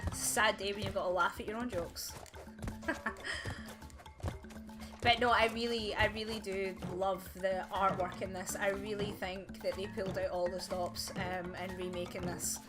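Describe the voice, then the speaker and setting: A woman's voice: mid-range voice, flat delivery, moderate pace. A woman chatting casually as she plays a video game, rambling with plenty of fillers and little laughs. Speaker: let's play gamer. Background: game music.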